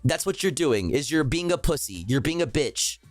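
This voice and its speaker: A man's voice: a little high, very animated, moderate pace, no room sound, soft background music. A young man streaming live, ranting about politics in a profane, exasperated way, with lots of repetition.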